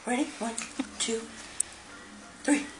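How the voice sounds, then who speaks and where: A woman's voice: on the high side, fairly even intonation, slow pace, over music. A young woman in a playful home video, coaxing a puppy and a baby in a living room with sing-song counting. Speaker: person filming at home. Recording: loud background noise in a home video.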